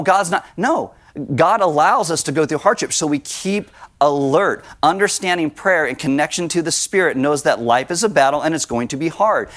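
A middle-aged man preaching a sermon in an animated way, sometimes acting out Bible scenes with sudden high cries. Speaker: pastor.

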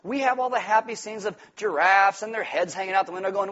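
A male pastor, around his forties, preaching an animated, joking sermon and acting out quotes in loud put-on voices. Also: high-pitched, fast talker. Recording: dull lo-fi sound.

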